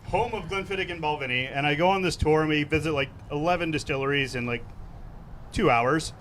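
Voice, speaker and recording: A man on a podcast telling a casual anecdote, animated and full of "like"s. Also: on the high side, a little fast, a little hiss or hum. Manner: animated storyteller, many "like"s. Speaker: podcast guest.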